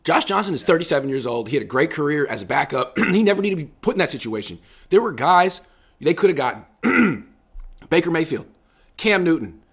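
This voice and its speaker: A man's voice: a little high, sing-song, fairly quick, husky. A young man hosting a casual sports talk show, arguing his points with animation and reading out listener comments. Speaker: podcast host.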